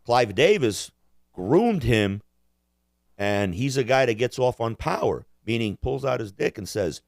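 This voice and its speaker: In a clean, echo-free studio recording, a podcast co-host rambles through crude jokes, profane rants and jokey impressions in casual chat. His medium-pitched voice is very animated, at a normal pace.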